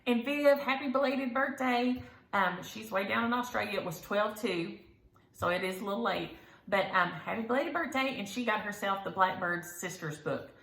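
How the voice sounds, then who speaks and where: A woman's voice: medium pitch, moderate pace, fairly bright tone, reverberant. A woman hosting a stitching vlog, rambling in a folksy way with many ums as she chats to viewers from home. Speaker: flosstube host. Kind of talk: casual chat to viewers. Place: room at home.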